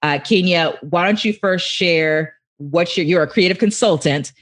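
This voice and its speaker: A woman hosting a faith-based business podcast, upbeat and quick, laughing easily. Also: lowish voice. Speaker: podcast host. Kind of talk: podcast interview chat.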